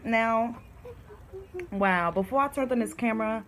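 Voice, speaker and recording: A woman's voice: on the high side, a little slow, pauses often, fairly bright tone, slight background noise. A young woman, chatting on her vlog and reading her own poems aloud in a heartfelt, emotional way, calling her viewers y'all. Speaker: vlogger.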